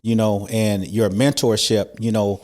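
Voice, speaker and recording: A man's voice: on the low side, flat delivery, unhurried, a little mellow. Laid-back male co-host asking questions. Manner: laid-back, slangy, leading questions with lots of fillers. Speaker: interview co-host. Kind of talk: casual interview talk.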